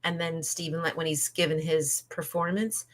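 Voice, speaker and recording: Lower-pitched woman, sarcastic live chat. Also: flat delivery, moderate pace. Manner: sarcastic, chatty, swears freely. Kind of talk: casual live-stream chat.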